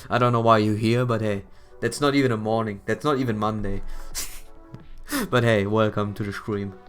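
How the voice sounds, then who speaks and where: Hoarse low-voiced guy streaming a game, chill and chatty with chat, music faint behind. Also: steady tone, moderate pace. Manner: laid-back, chatty with viewers. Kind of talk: casual live stream commentary.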